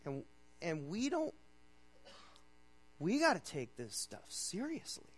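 A man with a slightly high voice preaches a sermon in a loose, conversational way. He keeps checking in with "okay?" and "right?", pressing loudly on key phrases and dropping soft for the serious points. A faint electrical hum runs beneath the recording. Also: wildly swooping pitch, slow pace, slightly rough, rough recording. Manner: swings from loud emphatic reading to low quiet urging. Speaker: pastor.

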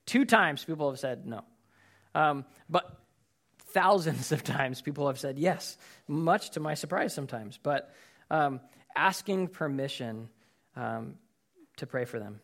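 A man with a somewhat high voice delivers a relaxed, conversational sermon. He talks earnestly, often saying "um" and "you know" and restarting words. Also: moderate pace. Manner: casual, earnest, many fillers and repeated words. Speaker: pastor. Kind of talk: conversational sermon with personal stories.

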